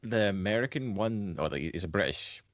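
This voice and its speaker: A man's voice: fairly low pitch, animated, fairly quick, no echo. A young man co-hosting a podcast, chatting loosely about a film, rambling and swearing freely as he acts out lines. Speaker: podcast co-host. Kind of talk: casual film discussion.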